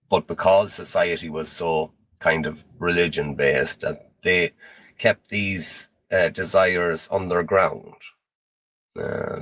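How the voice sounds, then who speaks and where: A man giving a grave, deliberate monologue on conspiracy theories, in a lecturing manner. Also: sits low, fairly bright tone, no echo.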